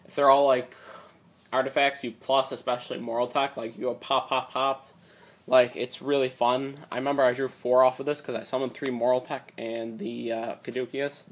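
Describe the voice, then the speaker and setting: A man's voice: medium pitch, flat delivery, brisk. A young man giving a casual card game deck rundown, rambling with lots of fillers, his voice a bit strained from talking a lot, recorded on a tablet. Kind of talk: casual deck profile talk.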